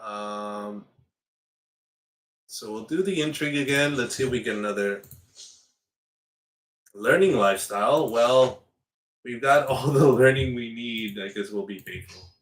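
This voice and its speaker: A man's voice: mid-range voice, unhurried, long pauses, recorded from a distance. A man hosting a strategy game playthrough in casual commentary, slipping into playful mock outrage as his ruler. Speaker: let's play host. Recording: roomy echo, away from the mic.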